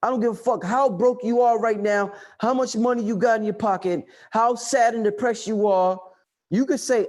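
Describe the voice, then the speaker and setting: Male livestream host, high voice, forceful preaching rant. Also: lively intonation, moderate pace. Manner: loud, emphatic, profane preaching; reads and answers viewer chat.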